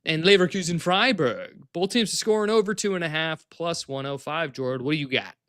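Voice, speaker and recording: Upbeat guy on a betting podcast, smooth clear voice, kinda high. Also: a bit bright, no echo, studio quality. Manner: upbeat, playful, reading picks briskly. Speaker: co-host of a soccer betting podcast. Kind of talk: casual sports betting chat.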